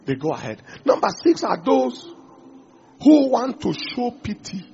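A man's voice: extremely high pitch, very animated, unhurried, vocal fry, dark tone, husky, lo-fi sound. A man preaching a sermon as pastor, calling out to the congregation.

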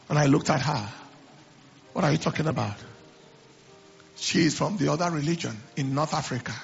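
A man's voice: on the high side, normal speed, vocal fry, pauses often, sharp tone. A middle-aged man preaching a sermon, telling stories and repeating phrases, with stammered restarts. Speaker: pastor. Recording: slightly dull lo-fi sound.

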